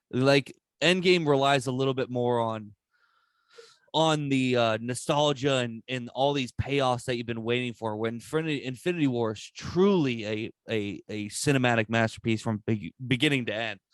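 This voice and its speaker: A young man hosting a podcast in casual chat, excitable and profane, rambling with lots of restarts. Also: medium pitch, normal speed, smooth, dry recording.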